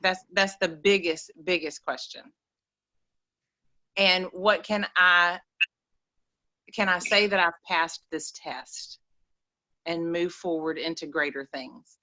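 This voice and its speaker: Bright-voiced woman coaching earnestly. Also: fairly low pitch. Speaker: co-host, life coach. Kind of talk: spiritual coaching talk.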